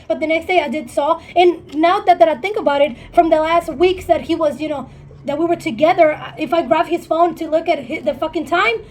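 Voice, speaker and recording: A high-voiced woman talks straight to camera in a storytime vlog. She is candid and emotional, swears freely, and darts into quick asides while she tells a painful breakup story. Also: darkish tone. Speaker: vlogger. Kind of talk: storytime monologue.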